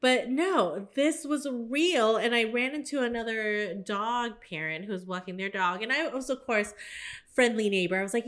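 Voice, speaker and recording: A woman's voice: fairly high pitch, animated, moderate pace, a bit bright. A woman co-hosting a podcast, telling a story in casual chat, swearing freely and quoting herself in a jumped-up voice. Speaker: podcast co-host.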